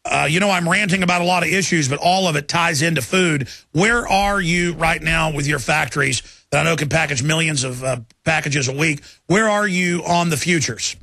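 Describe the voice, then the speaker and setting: A man's voice: fairly high pitch, moderate pace, few pauses, bright, forceful tone, no echo. A man hosting a talk radio show, ranting emphatically and repeating himself for force.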